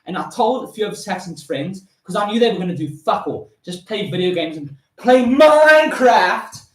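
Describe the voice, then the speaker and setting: A young man from South Africa, loud and fired up, swearing heavily and counting reps aloud while out of breath from push-ups. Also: high-pitched, lively intonation, normal speed. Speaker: vlogger. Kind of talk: motivational rant while doing push-ups. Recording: roomy echo.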